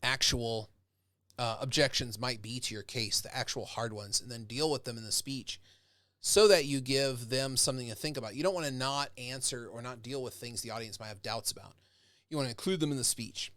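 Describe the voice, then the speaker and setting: A man's voice: mid-range voice, a little fast, fairly bright tone, dry recording, clean studio sound. A man, a professor, giving a casual lecture. He talks conversationally and acts out example speakers with growing intensity.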